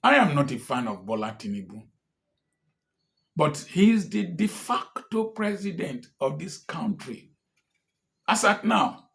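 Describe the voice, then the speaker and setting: A man's voice: fairly high pitch, big pitch swings, unhurried, gravelly, pauses often, a bit bright. Man firing pointed questions. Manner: repeated pointed rhetorical questions. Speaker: commentator. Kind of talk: impassioned political commentary.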